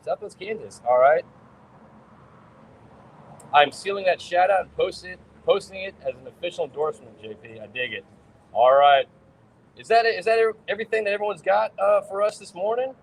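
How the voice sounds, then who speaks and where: A man's voice: high voice, animated, brisk, slight background noise, rough recording. Upbeat man hosting a casual livestream. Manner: upbeat, chatty, gives shout-outs. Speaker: host.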